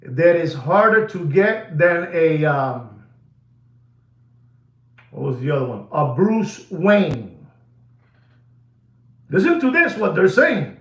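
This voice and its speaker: A man's voice: a little high, animated, slow, long pauses. Theatrical man in an echoey room. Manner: theatrical, swings from shouting to hushed asides; mixes Spanish phrases into English talk. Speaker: watch market commentator. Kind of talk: animated market update.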